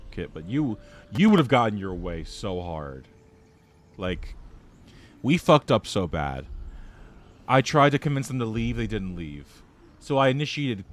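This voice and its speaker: A young male streamer with a lowish voice that swings all over the place as he jokes and plays to his chat. He talks casually and theatrically, putting on grand speeches between moves in the game. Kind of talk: casual gameplay commentary.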